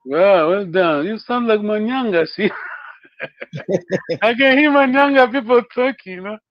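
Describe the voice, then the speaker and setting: A high-pitched man teaches a language class online, encouraging his students and repeating words slowly so they can copy them. The recording is dry, with the highs cut off.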